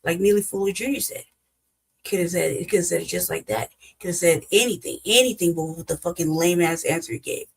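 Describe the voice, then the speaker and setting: Woman host with African American English, blunt and profane, lower voice, casual reaction talk. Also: expressive, a little fast, husky, rough recording. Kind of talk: casual commentary.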